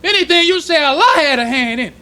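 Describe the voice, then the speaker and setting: A male minister teaching a sermon to a congregation in plain, casual speech, slowing down when he reads passages aloud. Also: extremely high pitch, animated, bright, forceful tone. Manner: preaching in casual street-level speech, slowing to read quoted passages. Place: temple congregation hall.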